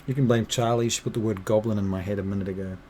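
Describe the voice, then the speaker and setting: A man's voice: on the low side, steady tone, very fast, darkish tone, a little hiss or hum. A man running a tabletop game as game master, narrating with lots of hesitations and ums. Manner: hesitant, full of ums, chatty.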